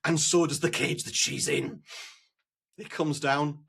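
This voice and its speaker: A man telling a story as a guest on a podcast, with dry, deadpan humor. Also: a little high, measured pace, a little hiss or hum. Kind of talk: casual chat, storytelling.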